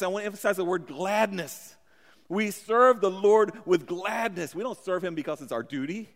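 A man preaching a sermon in a church on a microphone, talking conversationally with repeated words and sudden shouts for emphasis. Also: high voice, long reverb tail. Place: church sanctuary. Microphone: handheld or stand mic.

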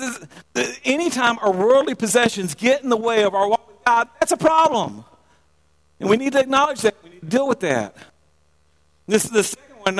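Guy preaching a sermon, pretty high voice, stumbles and repeats words, echoey church hall. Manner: repeats words and restarts, swings from hushed to emphatic. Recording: long reverb of a hall.

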